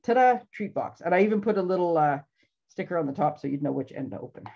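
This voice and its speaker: A woman's voice: fairly low pitch, expressive, quick pace, gravelly, muffled recording. A woman hosting a casual live craft demonstration from her home craft room, chatty and rambling, laughing often. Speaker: craft show host.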